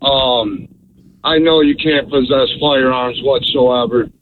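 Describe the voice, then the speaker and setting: A middle-aged man calling in to a radio show, earnest and halting, with many fillers. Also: medium pitch, steady tone, slight background noise. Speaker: radio caller. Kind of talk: call-in question. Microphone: telephone. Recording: tinny phone line.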